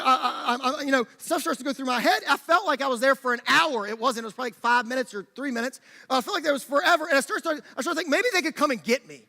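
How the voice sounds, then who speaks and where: A man preaching a sermon in a church, telling a personal story in an animated way and directing a volunteer on stage. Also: very high-pitched, gravelly. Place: church sanctuary. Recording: church hall reverb.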